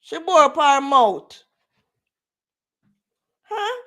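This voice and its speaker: A woman's voice: sits high, very animated, slow pace, long pauses, fairly bright tone. A Jamaican woman in her forties hosting a casual livestream chat, slipping into patois and laughing often. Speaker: livestream host.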